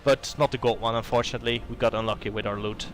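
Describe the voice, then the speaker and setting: A man's voice: medium pitch, fairly even intonation, fast talker. Casual man narrating his game playthrough. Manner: reads game text aloud, with trailing asides. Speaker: let's play host.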